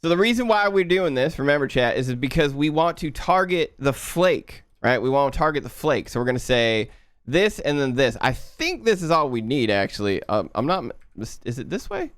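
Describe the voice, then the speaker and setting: A man's voice: medium pitch, sing-song, moderate pace, no echo, studio quality, natural voice. A man putting on an exaggerated Southern redneck accent while live coding and talking to his chat. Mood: playful. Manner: loud, playful, drawling, talking to chat. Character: exaggerated Southern redneck coder, male, boastful and folksy. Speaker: livestreaming programmer.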